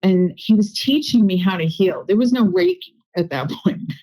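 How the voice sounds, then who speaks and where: A woman guest on a podcast, telling a personal story in a chatty, animated way with lots of asides. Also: mid-range voice, moderate pace, rough recording. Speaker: guest medium and intuitive healer. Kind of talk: casual interview storytelling.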